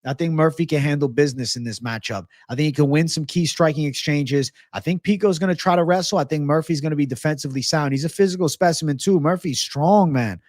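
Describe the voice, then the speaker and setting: A man's voice: fairly high pitch, quick pace, few pauses, darkish tone, dry recording, clean studio sound. A man hosting a livestream of fight picks and betting odds, brash and profane, thanking donors and urging likes. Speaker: MMA betting livestream host.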